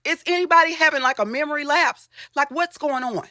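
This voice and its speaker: A woman's voice: high-pitched, brisk, pushed and bright, no echo, clean studio sound. A woman commentator speaking in a fiery, incredulous way.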